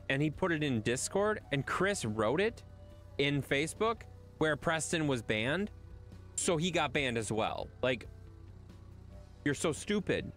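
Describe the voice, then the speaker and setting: Male streamer, casual chat to viewers, rambling and teasing, very animated delivery. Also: a little high, unhurried, soft background music. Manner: chatty, teasing, rambling with restarts. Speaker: livestreamer.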